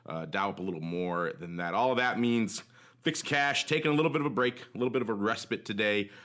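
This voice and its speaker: A man with a fairly low voice hosts a casual podcast, chatty and upbeat, wandering into asides. His voice sounds a little worn from a long stretch of talking. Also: fast talker, a bit bright. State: voice slightly worn. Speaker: podcast host. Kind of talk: casual markets podcast hosting.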